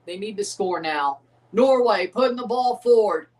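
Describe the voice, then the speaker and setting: A man's voice: high voice, animated, moderate pace. Guy rambling thru a live match watchalong, laughy casual drawl, kinda far off the mic. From United States. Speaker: streamer reacting to a match.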